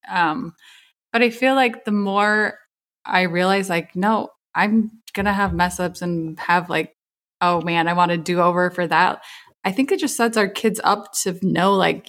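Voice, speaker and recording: Thoughtful, halting woman guest. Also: lowish voice, fairly bright tone. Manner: thoughtful, halting, with many fillers and restarts. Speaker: guest, mother. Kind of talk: casual podcast conversation.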